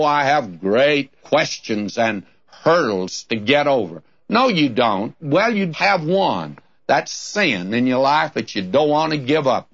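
A man's voice: a little high, fairly bright tone. Man, radio bible teacher, folksy, reads scripture aloud, dull old tape. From Southern California. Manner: folksy, addresses listeners as friend; reads scripture in King James cadence.

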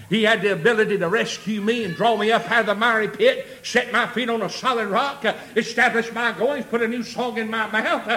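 A man preaching a sermon, building rhythmically into shouts with many amens and a habitual "uh" before phrases. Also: sits high, fairly even intonation, fairly quick, few pauses.

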